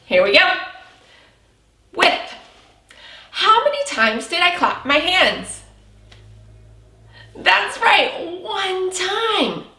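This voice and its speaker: Woman, preschool teacher, very high voice, lively swooping pitch, slow exaggerated delivery, praising. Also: echoey room. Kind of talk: early reading lesson for young children.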